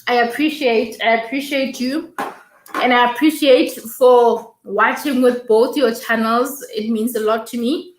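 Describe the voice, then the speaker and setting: A woman hosting a casual YouTube live stream speaks slowly and steadily in a slightly high voice. She chats along, thanks viewers again and again, and reads their comments aloud. The mic sits at some distance, so the sound is roomy and echoey with slight background noise.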